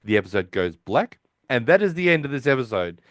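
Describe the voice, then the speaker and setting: A man's voice: medium pitch, big pitch swings, brisk, fairly bright tone, no room sound. A man co-hosting a podcast, casually retelling a sitcom episode and acting out the characters' lines. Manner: rambling, acts out characters' lines while retelling. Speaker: podcast co-host. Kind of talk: casual episode recap chat.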